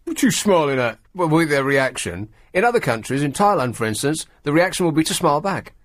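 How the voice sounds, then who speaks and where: A man holds forth on talk radio with a sardonic, grumbling wit. His pitch swoops lively up and down as he mocks his subject. The studio sound is dry and close. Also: fast talker, no echo. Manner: sardonic, grumbling, mocking asides. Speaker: radio show host. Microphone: studio microphone.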